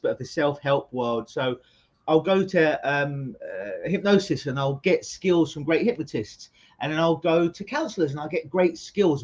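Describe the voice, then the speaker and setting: A man's voice: a little high, darkish tone. A man from London with a London English accent, a guest hypnotist answering interview questions in a jokey, explanatory way. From England. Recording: dull remote call audio.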